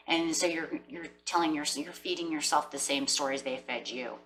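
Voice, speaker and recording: A woman with a low, forceful voice gives a casual, motivational tarot reading and speaks right to her listeners. She sounds earnest and encouraging. Her voice comes from a bit away from the mic, with a faint hum underneath. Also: steady tone, moderate pace, far from the mic, rough recording. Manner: earnest, encouraging, talks straight to viewers. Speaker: tarot reader.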